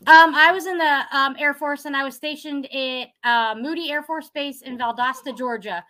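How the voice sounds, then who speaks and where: A woman's voice: sits high, moderate pace, sharp tone. A young woman from Ohio, a contest winner guest, telling her story chattily and acting out what others said. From Ohio, USA. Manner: chatty, acts out quotes, many "like"s. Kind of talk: excited phone interview storytelling.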